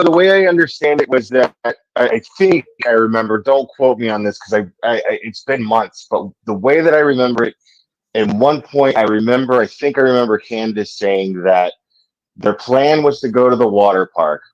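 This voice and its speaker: A man with a lowish voice talks hesitantly on a livestream panel, hedging and restarting often. The audio is dull and dry, like a stream. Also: no echo. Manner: hesitant, hedging, repeats himself. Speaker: guest panelist. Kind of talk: casual livestream panel discussion.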